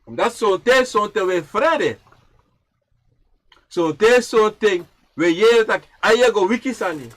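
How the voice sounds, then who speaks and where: A man teaching about ancestral tradition, and his voice sits high for a man and leaps around constantly. He repeats phrases almost like a chant, and drops from loud, raised lines into near-whispers. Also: lively intonation, measured pace, pauses often. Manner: repetitive, chanting phrases, swinging from loud to hushed. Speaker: livestream speaker.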